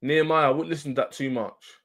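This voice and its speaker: Animated man chatting to viewers. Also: a little high, fast. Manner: animated, slangy, talks straight to the chat. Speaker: football channel livestream host. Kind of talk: casual livestream chat to viewers.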